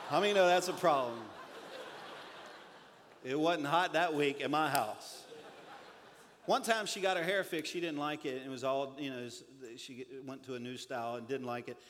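Pastor, male, forties, lively joking sermon delivery, bright high voice in a reverberant church hall. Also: moderate pace, pauses often. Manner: animated storytelling with humor.

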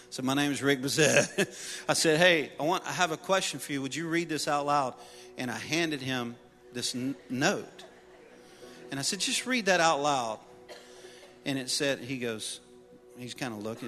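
A middle-aged man preaching a sermon, telling personal stories with humor and building to loud exhortation. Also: medium pitch, normal speed, faint music behind. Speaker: pastor. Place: church sanctuary. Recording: long reverb of a large hall.

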